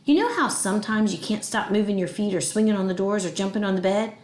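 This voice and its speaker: A patient, understanding mother talking things through calmly, as a woman reader voices her. Her voice stays near the reader's own mid pitch. It rings in an echoey room. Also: fast, close to an everyday voice. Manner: calm, explaining.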